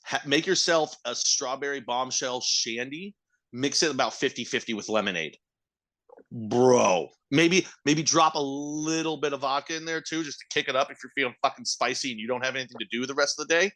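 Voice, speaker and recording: A man co-hosting a podcast in casual chat, loud and swearing freely as he hypes things up. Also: medium pitch, fairly quick. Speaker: podcast co-host.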